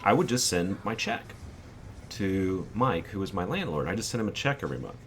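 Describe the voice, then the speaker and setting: A man's voice: low voice, very animated, brisk, fairly bright tone, a little hiss or hum. A man in his forties hosting a gaming channel, telling a rambling personal anecdote over gameplay and acting out the quotes.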